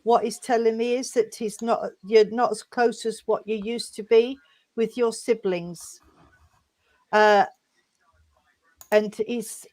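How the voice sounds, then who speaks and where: A woman medium giving messages during a service, her voice sitting a little high. She speaks haltingly with plenty of fillers and restarts. She calls her listeners sweetheart. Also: darkish tone. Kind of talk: mediumship demonstration.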